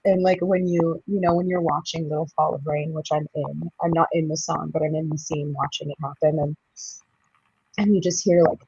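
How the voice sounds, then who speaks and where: Brief: low, husky-voiced actress in her 30s, bubbly raconteur, dry lo-fi sound. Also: fairly quick, no echo. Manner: bubbly, laughs often, lively storytelling. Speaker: touring musical theatre actress, guest. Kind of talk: casual interview chat.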